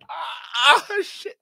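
A man with a high, bright, forceful voice reacts on a live stream, mocking what he watches in casual slang. He laughs through almost every line. The sound is dry and close to the mic. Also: gravelly, dry recording.

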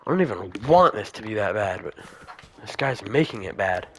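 A young man giving casual let's play commentary, chatting to the game's characters and breaking into excited shouts. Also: on the low side, moderate pace, creaky, husky. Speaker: gamer.

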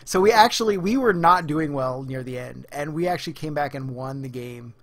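Animated, laughing podcast co-host. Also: mid-range voice, a little fast. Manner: animated, laughing storyteller with many fillers. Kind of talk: casual chat.

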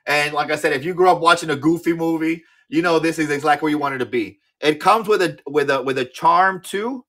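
A man in his thirties hosting a live-auction stream in casual chat, excitable, swearing freely and often repeating his words. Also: on the high side, brisk. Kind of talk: casual livestream sales chat.

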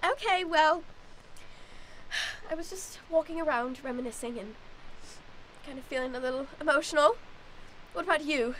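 A woman's voice: sits high, moderate pace, pauses often, fairly bright tone, slight background noise, poor audio. A woman playing the wistful mistress of a manor in an improvised old-time radio play, speaking with hesitant, questioning phrasing.

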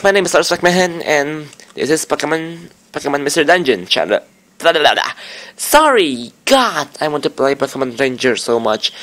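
A man's voice: a little high, fairly bright tone. A young man hosting a game playthrough, rambling and swearing as he fiddles with his setup. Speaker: lets-play host. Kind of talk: casual game commentary.

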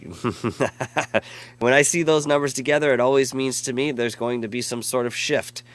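A man's voice: medium pitch, steady tone, moderate pace, a bit bright. A man hosting a casual live stream, rambling and effusive as he reads out chat messages and thanks viewers. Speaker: live show host.

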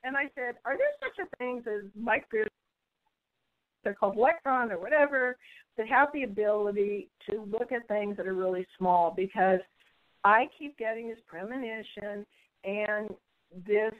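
A woman's voice: mid-range voice, normal speed, narrow, tinny audio. Bubbly woman telling a story by phone. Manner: bubbly, animated storyteller who acts out quoted voices. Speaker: guest. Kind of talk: storytelling in a radio interview.

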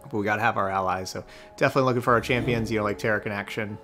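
A man's voice: lowish voice, steady tone, racing, fairly bright tone, soft background music. A man streaming a card game, giving casual commentary as he plays, thinking aloud and correcting himself as he goes.

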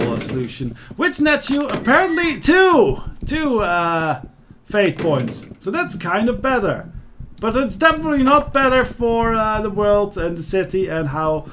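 Brief: male let's play host, high and animated, rambling, music under. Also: background noise. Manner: rambling, animated, lots of fillers. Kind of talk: video game commentary.

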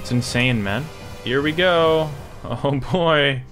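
A young man giving live gameplay commentary, swinging between low mutters and panicked yelps and shouts. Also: slow pace, faint music behind. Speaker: gaming YouTuber.

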